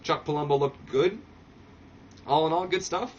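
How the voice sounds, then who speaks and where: A man's voice: fairly high pitch, normal speed, lo-fi sound, a little hiss or hum. A man hosting a let's-play commentary of a wrestling sim game, talking in a casual, sarcastic, self-deprecating way. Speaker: channel host.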